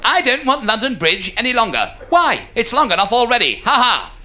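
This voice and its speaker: A man's voice: very high voice, big pitch swings, moderate pace, pushed and bright, voice pushed up, heavily acted. A man voicing a corny male club comic who tells gag jokes in a bouncy, sing-song delivery with forced laughs. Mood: cheesy.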